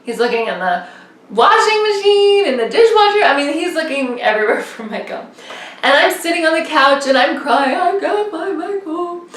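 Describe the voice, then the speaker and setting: Young woman rambling to camera, lots of ums, kinda high voice. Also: very animated, moderate pace, a bit bright. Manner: rambling, chatty with many fillers. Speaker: vlogger. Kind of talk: casual chat to camera. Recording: echoey room, mic at a distance.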